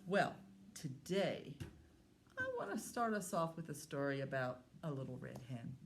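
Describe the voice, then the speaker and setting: A woman who is a children's librarian, telling a story to young children at story time in a slow, sing-song way. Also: very deep voice, big pitch swings, gravelly, over music.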